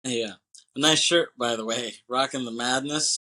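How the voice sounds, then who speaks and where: A man's voice: mid-range voice, normal speed, bright, forceful tone. A man co-hosting a movie podcast, chatting casually and rambling as he swears and acts out scenes. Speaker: podcast co-host.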